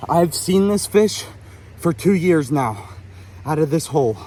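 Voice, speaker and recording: A man's voice: fairly high pitch, animated, a little slow, warm tone. A man vlogging while fly fishing, out of breath and overwhelmed, talking into a phone while standing in a stream. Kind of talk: emotional outdoor vlog. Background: flowing stream.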